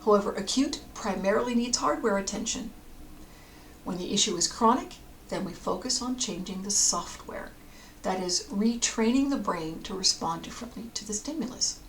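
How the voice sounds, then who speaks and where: A woman counsellor giving a calm, explanatory podcast talk, sometimes dropping to a near whisper. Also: mid-range voice, normal speed, slight background noise.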